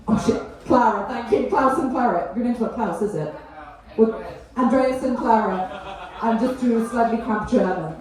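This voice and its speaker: A woman's voice: fairly high pitch, lively intonation, darkish tone. A woman in her thirties doing a cheeky stand-up set, chatting with the crowd between jokes. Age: 30s. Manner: cheeky, quick asides and frequent laughter. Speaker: stand-up comedian. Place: comedy club stage with an audience. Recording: very echoey room, voice far off.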